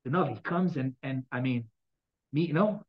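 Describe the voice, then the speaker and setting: A man teaching a Bible class, reading verses aloud and explaining them in a dramatic, animated way, from loud bursts to quiet asides. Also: mid-range voice, normal speed, husky, muffled recording. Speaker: Torah teacher.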